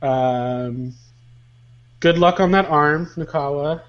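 A man playing his character in a tabletop game, talking in a rambling, halting way and chuckling through his lines. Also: on the high side, highs cut off. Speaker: player. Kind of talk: in-character tabletop play over a voice call.

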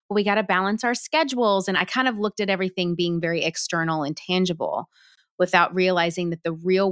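A woman in her thirties talking earnestly and thoughtfully as an interview guest, often pausing on "you know". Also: on the low side, fairly bright tone, dry recording, clean studio sound. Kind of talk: reflective interview talk.

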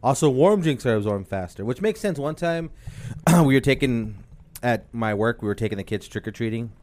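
A man's voice: medium pitch, expressive, moderate pace, a little mellow. A young man in casual podcast chat, easygoing, sometimes reading facts aloud.

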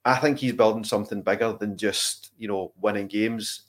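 A man's voice: on the low side, steady tone, moderate pace. A man giving his views in a casual football podcast chat.

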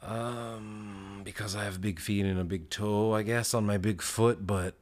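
A man's voice: fairly low pitch, steady tone, measured pace. A man hosting a casual solo podcast, laid-back and rambling, swearing freely with lots of fillers and a little out of breath. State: out of breath after push-ups. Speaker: podcast host.

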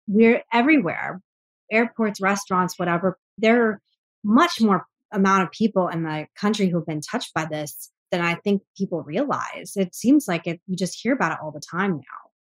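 A woman's voice: medium pitch, moderate pace. A woman guest on a podcast, speaking earnestly and reflectively about grief, often breaking into short laughs. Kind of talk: candid conversational interview.

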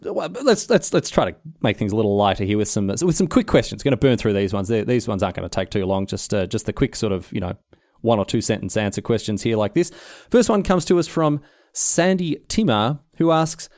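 A man's voice: fairly low pitch, expressive, a little fast, darkish tone, no room sound, clean studio sound. An Australian man hosting a podcast, answering listener questions in a rambling, teasing casual chat. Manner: rambling, teasing, self-interrupting.

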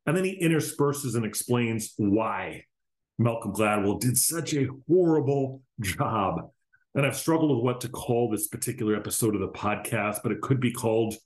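A man hosting his own podcast, ranting casually with plenty of profanity. His voice sits at an ordinary mid pitch. It bounces around a roomy, echoing space. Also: lively intonation, moderate pace. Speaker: podcast host. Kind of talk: solo podcast commentary. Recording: roomy echo.

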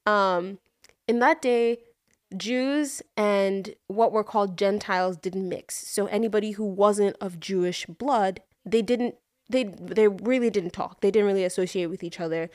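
A woman co-hosting a casual podcast, retelling a story with lively energy. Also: mid-range voice, measured pace, dry recording, studio quality. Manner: animated storytelling, acts out voices in quotes. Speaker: podcast co-host. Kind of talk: casual chat.

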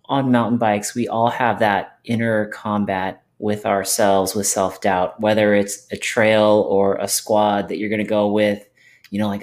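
Relaxed, casual man hosting a podcast. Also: on the low side, moderate pace. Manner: relaxed and conversational, with many fillers. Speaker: podcast host.

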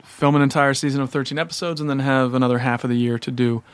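A man's voice: medium pitch, steady tone, quick pace, slight background noise. A man guesting on a comedy podcast, talking loosely and joking, swearing freely as he riffs. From Chicago. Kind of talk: casual comedic chat.

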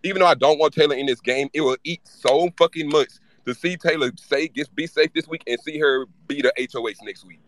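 Man guest, bright forceful voice, fast irritated rant, swears freely. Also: on the high side, no room sound. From Louisiana. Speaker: live-stream guest speaker. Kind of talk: casual fan chat.

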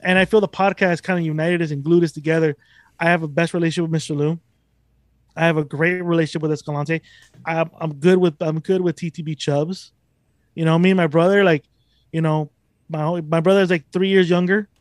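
A man's voice: on the high side, steady tone, brisk, dry recording, studio quality. A young man hosting a podcast, talking casually in a profane, rambling, emphatic way. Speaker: podcast host.

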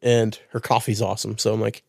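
Man, gravelly, podcast co-host, dry close mic. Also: fairly low pitch, brisk, no echo. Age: parent of young child. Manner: animated storyteller, puts on voices in anecdotes. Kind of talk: casual chat.

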